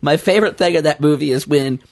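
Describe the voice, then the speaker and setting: A man chatting casually as a podcast co-host, telling stories in an animated, rambling way. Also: a little high, fast. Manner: animated storyteller, rambling restarts, laughs mid-story. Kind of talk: casual chat.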